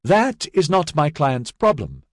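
A man doing a smooth, pompous lawyer. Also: fairly high pitch, lively intonation, normal speed, dry recording, clean studio sound, pitched above the performer's own voice. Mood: suave. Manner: courteous, lofty, legalistic.

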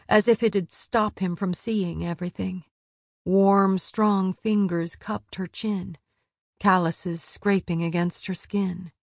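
A woman narrating a story aloud in a measured, steady reading voice. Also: mid-range voice, no echo. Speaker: audiobook narrator. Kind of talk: scripted narration.

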